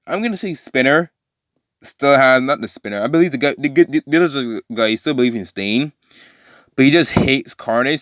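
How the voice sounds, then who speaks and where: A man tells a fan-made story in a loose, rambling way, stopping and restarting often. His voice sits at an ordinary middle pitch. The sound is dry and close, with no room echo. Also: a bit bright, clear, resonant tone. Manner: rambling, full of fillers and restarts. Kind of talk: casual retelling of a fan story.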